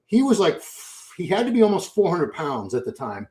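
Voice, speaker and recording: A man hosting a podcast, telling gym stories in a relaxed, animated chat. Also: a little high, a little fast. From Boston. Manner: storytelling, animated. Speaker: podcast host. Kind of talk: casual chat.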